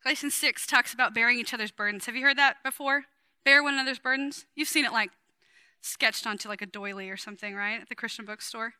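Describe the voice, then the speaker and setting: A woman in her forties preaching to women in a chatty, emphatic way, with sudden loud bursts of energy. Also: a little high, fast talker, smooth, no room sound. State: sweating. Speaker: women's ministry speaker. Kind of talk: sermon.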